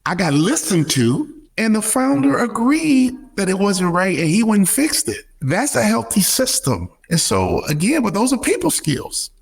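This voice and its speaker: Middle-aged male guest, emphatic motivational delivery, lively swooping pitch, gravelly edge. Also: unhurried, hardly any pauses. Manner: emphatic, acts out quoted voices, preacherly rhythm. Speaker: guest speaker, former pro athlete and business advisor. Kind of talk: animated interview talk.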